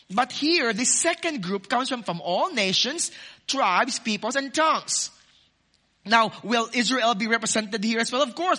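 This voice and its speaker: A man's voice: very high-pitched, pushed and bright. A man preaching a sermon to a congregation, explaining a passage point by point and putting questions to the listeners. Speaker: pastor. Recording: long hall reverb.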